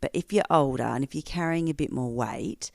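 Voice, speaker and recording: A woman hosting a podcast, asking thoughtful questions and giving many soft affirmations in a casual interview. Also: extremely low pitch, a little fast, creaky, no room sound. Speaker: podcast host.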